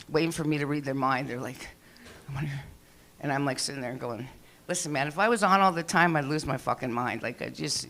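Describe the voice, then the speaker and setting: A woman's voice: sits low, a bit bright. A middle-aged woman doing rambling open-mic stand-up on a small club stage, swearing and acting out the people in her stories. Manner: chatty, rambling, swears, acts out quoted people. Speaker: stand-up comedian.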